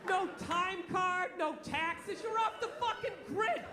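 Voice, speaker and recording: A man doing a rambling stand-up bit, recorded live with an echo and a loud crowd. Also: extremely high pitch, a little slow, noisy background. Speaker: stand-up comedian.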